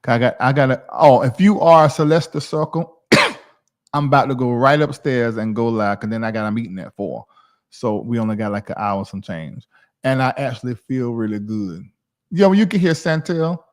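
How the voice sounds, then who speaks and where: A man's voice: mid-range voice, normal speed. Guy in his 40s hosting a livestream, chatty and all over the place, talks to viewers by name. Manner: rambling, animated, talks to chat viewers by name. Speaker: livestream host. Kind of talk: casual livestream chat.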